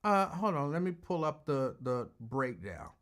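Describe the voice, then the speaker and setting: A man's voice: a little high, sing-song, unhurried, a bit bright. Emphatic man hosting a call-in show. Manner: emphatic, argumentative, repeats points for effect. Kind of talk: casual call-in commentary.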